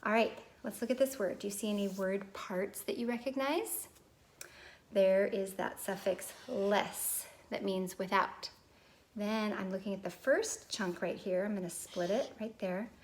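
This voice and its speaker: A woman's voice: medium pitch, measured pace, slight background noise. A woman teaching a recorded phonics lesson to young children, patient and prompting them to repeat words.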